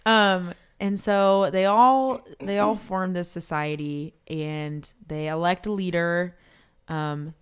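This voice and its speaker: A woman's voice: on the low side, fairly even intonation, takes it slowly, clear, resonant tone. A woman on a casual podcast, laughing as she spins a rambling, made-up history story. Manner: giggly, rambling, playful. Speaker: podcast co-host.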